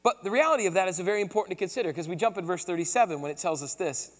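A pastor delivers a sermon with a notably high voice, retelling the story in a casual, lively way full of slang. His voice carries a long reverb tail from a large hall. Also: racing, hardly any pauses.

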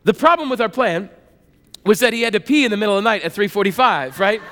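High-voiced animated male pastor preaching. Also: quick pace, long reverb tail, a little hiss or hum. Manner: conversational, animated storytelling with repetitions. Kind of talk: sermon.

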